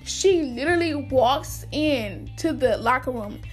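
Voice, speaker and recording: A woman's voice: high voice, animated, a little slow, breathy edge, faint music behind. A young woman chattily telling viewers a school story, calling them y'all and using lots of slang. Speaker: vlogger. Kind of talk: casual storytime.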